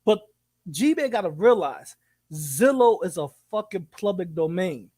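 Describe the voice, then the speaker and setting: High-voiced man ranting casually. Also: unhurried, dry recording. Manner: animated, profane, rambling, repeats himself. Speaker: co-host of a live commentary stream. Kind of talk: casual stream commentary.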